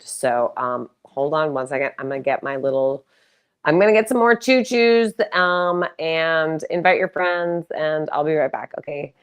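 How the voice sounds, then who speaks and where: A woman hosting a casual livestream fundraiser on a laptop mic, rambling with loose restarts and the odd swear. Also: deep voice. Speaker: live streamer hosting a fundraiser.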